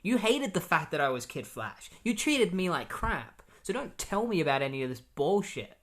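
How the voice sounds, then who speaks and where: A man voicing a young superhero who lashes out at his father in loud, indignant outbursts. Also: fairly high pitch, expressive, fairly quick. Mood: furious. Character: young male speedster hero, upset and defiant.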